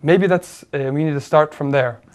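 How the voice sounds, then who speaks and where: Male co-host, higher register, thoughtful explainer who halts and restarts. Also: moderate pace. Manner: thoughtful, explaining step by step with many fillers and restarts. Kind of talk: conversational discussion.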